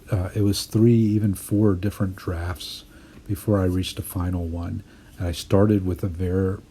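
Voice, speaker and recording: A man teaching poetry writing in a voice-over lesson, explaining his drafts in a thoughtful, measured way. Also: low voice, mellow, slightly rough.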